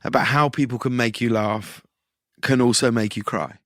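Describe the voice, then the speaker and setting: A man's voice: mid-range voice, fairly even intonation, moderate pace, a bit bright, no echo, clean studio sound. A man hosting an interview, asking attentive follow-up questions. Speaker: interviewer, host.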